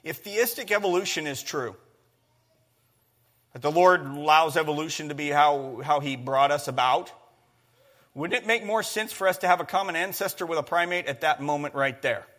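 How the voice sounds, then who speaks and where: A man's voice: fairly high pitch, moderate pace, fairly bright tone. A man preaching a sermon, emphatic, repeating phrases and calling on the congregation to answer.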